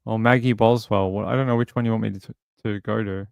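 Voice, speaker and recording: A man's voice: fairly low pitch, steady tone, fast talker, creaky, darkish tone, clean tone, no echo, clean studio sound. A man casually commenting on a true crime case during a livestream, reading and answering chat, rambling with lots of fillers. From outside the US. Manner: rambling, many fillers and restarts.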